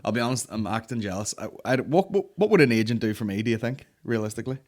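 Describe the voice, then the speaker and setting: Swearing Northern Irish man, lively banter. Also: medium pitch, fast talker. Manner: swearing, laughing, lively storytelling. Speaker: podcast host. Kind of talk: casual comedy banter.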